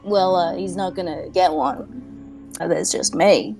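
A woman's voice: lowish voice, steady tone, slow, a little mellow, faint music behind. A woman player speaking in character during a tabletop game, dry and sardonic. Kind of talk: in-character tabletop role-play.

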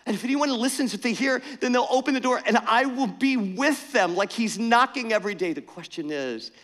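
A middle-aged man preaching a sermon, telling an animated, self-mocking story in a conversational way. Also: very high voice, fairly quick. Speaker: pastor. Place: church sanctuary. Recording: church hall reverb.

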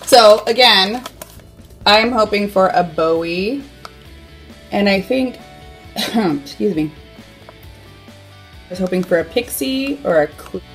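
A woman's voice: mid-range voice, animated, takes it slowly, pauses often, soft background music. A woman hosting a toy unboxing, chatting casually in a playful way and tossing in silly sound effects.

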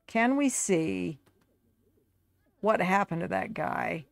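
A woman's voice: lowish voice, very animated, slow pace, creaky, dry recording, soft background music. A woman giving casual, chatty commentary over her life-sim game, talking to her characters like a fussing parent. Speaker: gaming video creator.

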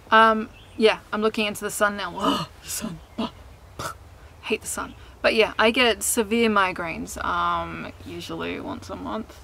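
Bright, candid woman vlogging. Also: mid-range voice, a little hiss or hum, rough recording. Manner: chatty, candid, laughs often, swears casually. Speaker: vlogger and singer. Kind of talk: casual chat to camera. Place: outdoors in sunshine.

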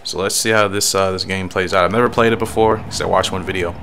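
A man's voice: deep voice, fairly even intonation, fast, creaky, bright, forceful tone, a little hiss or hum. A man giving casual, chatty gameplay commentary, laughing often and explaining as he plays. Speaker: gaming YouTuber.

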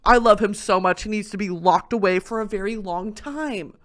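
A young adult woman hosting casual commentary, animated and swearing freely, with bursts of shouting and laughter. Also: mid-range voice, moderate pace. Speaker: host.

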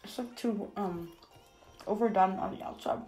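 A woman's voice: medium pitch, normal speed, dark tone, soft background music, rough recording. A young woman in her twenties, chatting casually for a food vlog, eating between sentences and saying "like" constantly. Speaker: food vlogger. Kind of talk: casual mukbang chat while eating. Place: bathroom at home.

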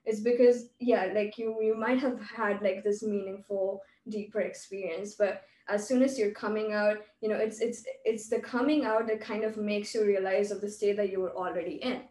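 A woman's voice: medium pitch, fairly even intonation, normal speed, hardly any pauses, dark tone. A woman hosting a podcast, talking in a thoughtful, musing, academic way. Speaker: podcast host. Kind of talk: casual chat. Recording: echoey, distant from the mic.

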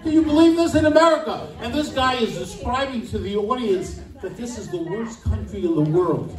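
New man, high-pitched and emphatic, political speaker in an echoey room, off-mic. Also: animated, a little fast, far from the mic, crowd noise. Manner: emphatic, rhetorical questions, indignant. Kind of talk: political speech. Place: club meeting room.

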